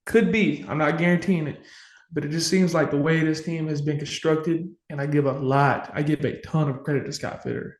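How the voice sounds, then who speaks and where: A man on a casual sports podcast, with a somewhat high voice, talks with raw passion and emotion and swears freely. He is recorded in a home room with a noticeable echo. He comes across fired up and heartfelt. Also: steady tone, fairly quick. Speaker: podcast co-host. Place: home room full of memorabilia.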